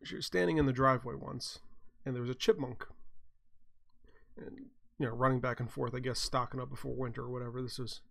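A man's voice: mid-range voice, steady tone, fairly quick, vocal fry, fairly bright tone. A tired man hosting a casual chat, telling rambling stories with a wry, self-mocking humor. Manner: rambling, wry, chuckles at his own mishaps. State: tired, yawning. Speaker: blacksmith hosting a chat show. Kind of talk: casual storytelling.

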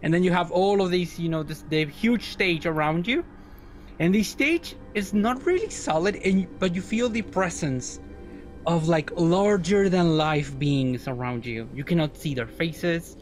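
A man's voice: on the high side, lively intonation, a little slow, faint music behind. A man narrating as game master of a tabletop game, rambling and searching for words with lots of fillers.

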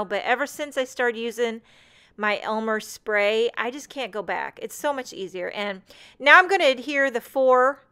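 A woman's voice: mid-range voice, a bit bright, clear, resonant tone. A woman, hosting a card-making tutorial in a bubbly, chatty, self-deprecating voice-over.

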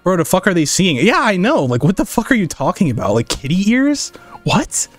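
A young man, a streamer and digital artist, hosts a casual live art stream, reading chat aloud and arguing back with plenty of cursing. His high voice swings hugely in pitch, and his brisk, loose talk is packed with fillers, with faint music in the background.

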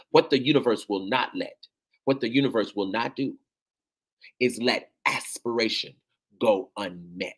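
A man's voice: fairly low pitch, a bit bright, husky. Fervent man preaching to teachers. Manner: emotional, call-and-response, repeats phrases. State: near tears at times. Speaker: speaker addressing teachers.

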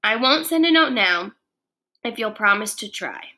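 A woman's voice: a little high, expressive, bright, forceful tone. A woman voicing a stern, grumpy middle-aged woman teacher who speaks in a clipped, grumbling way. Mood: firm. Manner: clipped, grumbling, slow and menacing when angry.

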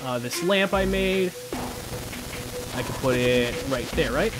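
A man hosting a gaming channel, giving casual gameplay commentary in an excitable, flustered, self-mocking way as he talks to his viewers. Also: mid-range voice, slow, music in the background.

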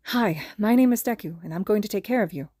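Woman reading a calm, kind young male medic. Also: mid-range voice, slightly rough, no room sound, studio quality, lightly acted. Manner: calm, kind, brisk with patients. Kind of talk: podfic character reading.

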